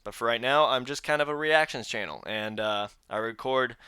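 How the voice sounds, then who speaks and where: Young male vlogger, tired and venting, crisp bright tone, phone mic in a small room. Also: on the low side, moderate pace, few pauses, no echo, clean studio sound. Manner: weary and grumbling, venting frustration. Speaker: reaction channel host. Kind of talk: casual vlog chat to camera. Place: indoor room, seated. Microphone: phone camera.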